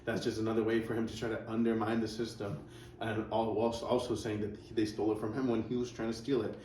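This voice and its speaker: A man's voice: fairly low pitch, level tone, fast talker, dark tone. Rambling man reacting in an echoey room. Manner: rambling, sarcastic asides. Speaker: reaction video host. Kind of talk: casual commentary over clips. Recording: roomy, distant mic, faint noise.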